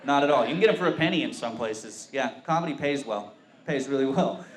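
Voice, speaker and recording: A man's voice: medium pitch, lively intonation, brisk. A young man from Oklahoma doing a self-mocking stand-up set on a brewery stage. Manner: laid-back, self-mocking joke delivery. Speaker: stand-up comic. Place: brewery comedy stage before a live crowd. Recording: echoey room with faint ambient noise.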